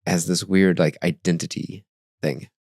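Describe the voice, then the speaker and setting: A man's voice: low-pitched, little pitch movement, a little slow, a little mellow, dry recording, studio quality. A man in his forties hosting a podcast, talking casually and reflectively, often trailing off and restarting his thoughts. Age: 40s. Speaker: podcast host.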